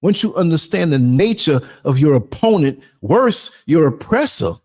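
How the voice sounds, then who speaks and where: At a normal speed and a fairly high pitch, a New York man gives a blunt motivational monologue on his podcast. His manner is streetwise, and he animates his stories by acting out lines of dialogue.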